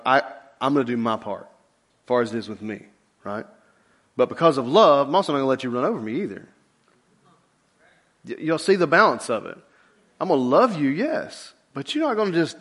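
A middle-aged man preaching a sermon as a pastor, in a relaxed conversational way with lively asides. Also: medium pitch, husky.

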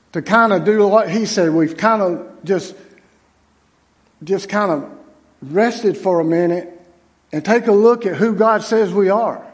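A man delivers a sermon in a notably high voice. He talks to the congregation like old friends, with folksy asides and frequent restarts. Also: a little mellow. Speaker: associate pastor. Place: church sanctuary.

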